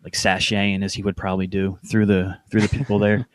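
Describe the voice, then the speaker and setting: A man's voice: fairly low pitch, level tone, a little fast, a little hiss or hum. A man co-hosting a podcast in casual chat, sounding mocking and incredulous. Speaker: podcast co-host.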